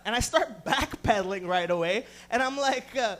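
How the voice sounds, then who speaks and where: A man in his thirties doing a profane stand-up comedy set, loudly acting out the people in his stories. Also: very high-pitched, lively intonation, normal speed, few pauses. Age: 30s. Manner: profane, loud, acts out voices in his stories.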